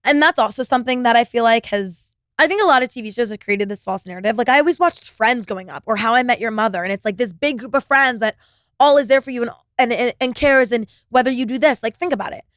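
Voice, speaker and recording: A woman's voice: fairly high pitch, fast, fairly bright tone, dry recording, clean studio sound. A young woman hosting her own podcast, talking alone in a blunt, profane, rambling way with constant fillers. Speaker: podcast host. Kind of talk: casual solo podcast monologue.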